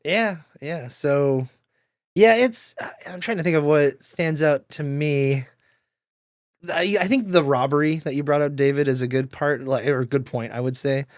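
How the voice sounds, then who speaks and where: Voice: mid-range voice, unhurried, dry recording, clean studio sound. A podcast co-host in casual chat, laughing often and acting out quoted lines in playful voices.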